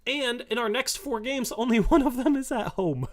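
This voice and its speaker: A man hosting a casual postgame chat, rambling and laughing often, his voice sometimes dropping soft and quiet. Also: very high voice, lively intonation, moderate pace. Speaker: podcast host.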